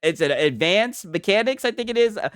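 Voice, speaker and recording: A male streamer reacting live, ribbing his co-host with mocking asides. His pitch jumps around a lot, and the sound is dry and close. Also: expressive, a little fast, a bit bright, clear, resonant tone, dry recording. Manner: mocking, repetitive, tags lines with "right?".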